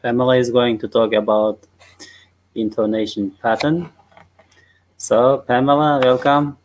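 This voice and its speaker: A man hosting an online seminar, giving a quick, friendly welcome and introducing the speaker over a video call. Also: mid-range voice, fairly even intonation, slight background noise, poor audio. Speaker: seminar host.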